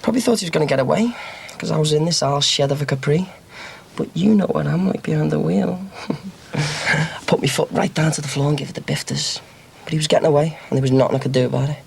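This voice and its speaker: A brash ex-con, gravelly voice, boastful, TV soap drama. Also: male voice, fairly high pitch, fast talker, exaggerated voice. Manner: boastful, lively storytelling. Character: cocky young ex-con man, brash braggart. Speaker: small-time criminal.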